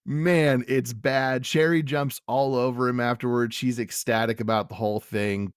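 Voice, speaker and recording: A man's voice: mid-range voice, normal speed, clean tone, no echo, clean studio sound. A man co-hosting a podcast, casually recapping wrestling and giving each segment a letter grade. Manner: relaxed, hands out letter grades. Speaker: podcast co-host.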